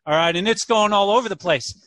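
Animated storytelling man, bright dry voice. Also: sits high, fast, dry recording. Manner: animated, acts out characters in voices. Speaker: podcast co-host. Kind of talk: casual storytelling chat.

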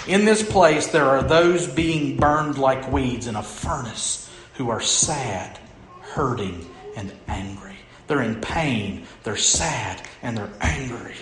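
A middle-aged male pastor preaching a sermon, who keeps asking the congregation questions and moves between loud emphasis and hushed lines. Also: medium pitch, slow pace. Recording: echoey room.

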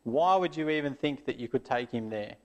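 A man reading a story voices a stern, angry village witch doctor who speaks slowly. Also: mid-range voice, expressive, darkish tone, natural voice.

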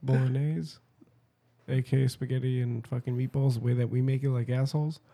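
A man's voice: medium pitch, fairly even intonation, brisk, warm tone. A man in casual crude banter, swearing freely and laughing between mocking impressions.

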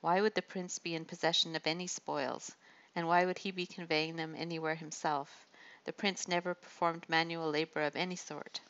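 A woman narrating an audiobook in an even, measured storytelling manner. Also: sits low, dull audio. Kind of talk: scripted narration of a historical novel.

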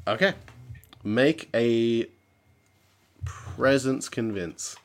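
A man narrating as game master over an online call, with a relaxed, wry and slightly halting delivery. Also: mid-range voice.

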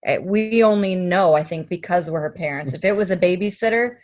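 A woman's voice: lowish voice, a little fast, a little mellow. A young woman, a parent, telling detailed stories in an earnest way during an interview. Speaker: parent of an autistic child. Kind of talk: interview conversation.

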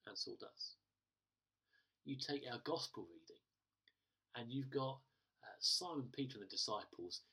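A man's voice: mid-range voice, expressive, a little slow, vocal fry, long pauses, pushed and bright, breathy edge, recorded from a distance. A male pastor preaching a sermon in a conversational way, often restarting and hesitating, recorded in a church.

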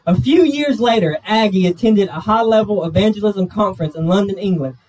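High-voiced Southern pastor telling a story. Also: male voice, a little mellow. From Georgia, US. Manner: earnest, slows and drops low for emotional moments. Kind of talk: sermon storytelling. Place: church sanctuary. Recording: voice from a distance off the pulpit mic.

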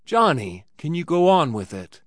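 A man's voice: fairly high pitch, very animated, normal speed, a bit bright, no room sound, clean studio sound, pitched above the performer's own voice. A man voicing an old hotel keeper who gives stern orders and speaks with worry to his beaten son. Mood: tender, anxious. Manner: stern, commanding. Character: old Irish-sounding hotel keeper, stern then tender father.

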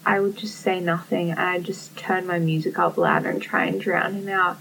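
A woman's voice: on the low side, sing-song, normal speed, creaky, a bit bright, far from the mic, a little hiss or hum, low-quality recording. A young woman in casual conversation, speaking candidly, swearing freely and acting out what people said to her. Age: young adult. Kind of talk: casual chat.

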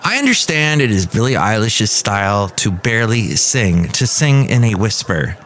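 On his casual solo podcast, a man rambles through music news with strong opinions, reading quotes in a lively, swinging way. His voice sits lowish and he talks at a normal speed.

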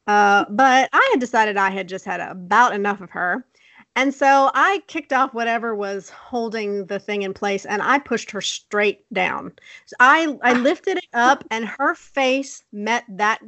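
A young woman casually telling a childhood story on a podcast, animated and laughing often. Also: fairly high pitch, a little slow, dry recording. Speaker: podcast co-host.

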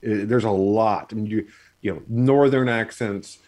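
A man's voice: fairly low pitch, moderate pace, darkish tone. A man co-hosting a casual chat on a video call, explaining with many fillers and restarts. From United States. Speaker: podcast co-host.

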